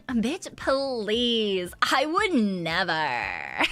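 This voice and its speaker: A young woman streamer chatting casually with viewers, giggly and sweary, with a slight vocal fry and bits of singing. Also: fairly high pitch, lively intonation, a little slow, a bit bright, faint music behind. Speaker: VTuber streamer.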